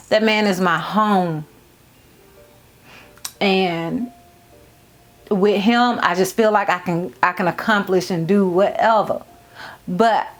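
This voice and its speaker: Heartfelt woman chatting to camera. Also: mid-range voice. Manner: heartfelt, repeats phrases for emphasis; addresses viewers as y'all and girl. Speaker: beauty vlogger. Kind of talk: casual storytime chat.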